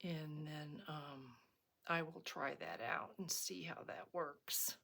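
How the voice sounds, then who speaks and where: A middle-aged woman talks through a craft project in a relaxed, rambling tutorial style, often stopping on an um or starting a sentence over. She speaks at an unhurried, slow pace, and her voice sits a little low for a woman. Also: creaky, husky. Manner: chatty and rambling, with frequent ums and restarts. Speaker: crafting video host.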